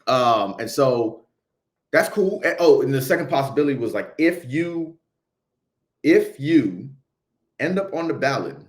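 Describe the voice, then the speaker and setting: A man's voice: medium pitch, lively intonation, unhurried, pauses often. A young man with a Haitian accent tells a story on a livestream, talking emphatically in slang and often checking in with "right?". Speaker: videographer telling a story on a livestream. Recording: roomy echo.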